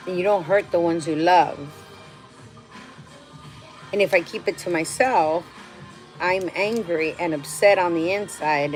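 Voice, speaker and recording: A woman's voice: on the low side, rough recording. A middle-aged woman talking candidly and emotionally to her viewers, answering their questions in a rambling way. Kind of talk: casual heartfelt talk to viewers.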